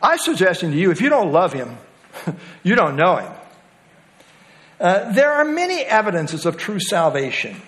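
A man's voice: sits high, very animated, normal speed, fairly bright tone. A man preaching a sermon to his congregation, explaining scripture in an emphatic, expository way. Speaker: pastor.

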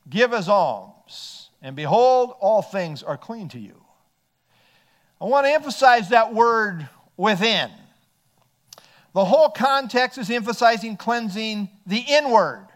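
A male pastor delivers an earnest expository sermon, reading verses aloud and then unpacking them. His voice sits high for a man. His pitch rises and falls freely as he preaches. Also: fairly bright tone.

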